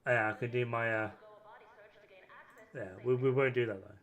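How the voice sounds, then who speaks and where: A man's voice: mid-range voice, fairly even intonation, normal speed, phone-quality sound. A man chatting on a stream, rowdy and swearing with self-mocking banter, tipsy from whiskey at home. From United Kingdom. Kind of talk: casual stream chat. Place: home room, camera off.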